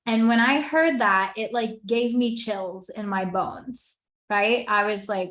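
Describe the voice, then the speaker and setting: A woman's voice: on the high side, unhurried, fairly bright tone. A woman in her thirties giving an earnest, conversational personal testimony as a wellness business presenter, with many "like" fillers.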